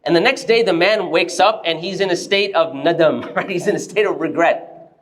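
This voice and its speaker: A man with a high voice delivers a Friday sermon in a mosque. He tells his story with animation, slipping into the voices of the people he quotes. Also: normal speed, a crowd in the background. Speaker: preacher giving a Friday sermon.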